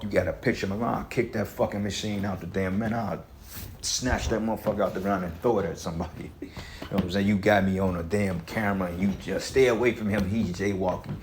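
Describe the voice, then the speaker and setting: A man's voice: low voice, a little mellow, a little hiss or hum. A man teaching scripture on a livestream, ranting heatedly and profanely, tagging lines with fillers. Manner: repetitive fillers, frequent "man". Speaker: preacher.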